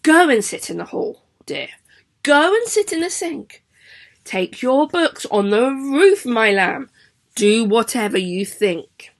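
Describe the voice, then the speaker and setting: A woman's voice: fairly high pitch, sing-song, takes it slowly, heavily acted. A woman voicing a weary female primary teacher who brushes off a pupil in a breezy, dismissive recital.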